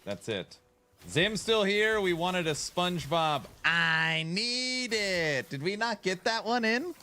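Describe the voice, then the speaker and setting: A male streamer chats to his audience at an unhurried pace, teasing them in a bright, clear voice. His pitch bounces around a lot as he jokes, pouts and plays along, never in a hurry. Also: sing-song. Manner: playful, teasing, talks back to chat. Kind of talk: casual live-stream chat.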